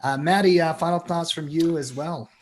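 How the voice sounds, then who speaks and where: A man's voice: on the high side, moderate pace, a little mellow. A man hosting a live stock market show, wrapping up with upbeat thanks to his co-hosts. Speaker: show host. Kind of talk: casual market show wrap-up.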